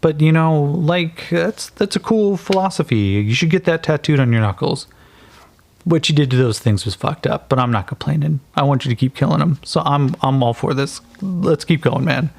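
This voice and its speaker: A man's voice: a little high, animated, moderate pace, vocal fry, a little mellow. A man voicing a crude, blunt young male fighter who swears casually and talks like a buddy, in a tabletop game. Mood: approving.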